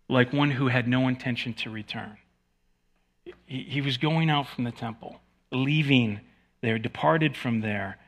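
A male pastor giving a teaching sermon to a congregation, his voice bright and forward. He talks informally, breaking off for small jokes at his own expense and restarting sentences as he thinks aloud. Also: mid-range voice. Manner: conversational, joking asides, frequent restarts. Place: in front of a live congregation.

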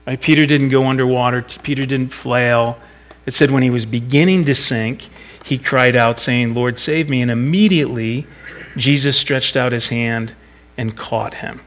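A middle-aged man with a mid-range voice delivers an informal Bible devotional, conversational and reflective, thinking aloud as he goes.

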